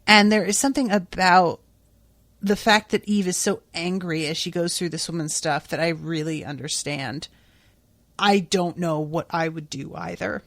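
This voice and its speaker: A woman's voice: lowish voice, fairly even intonation, normal speed, a bit bright, dry recording. A woman hosting a podcast, recapping an episode in a chatty, blunt way and swearing freely. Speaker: podcast host.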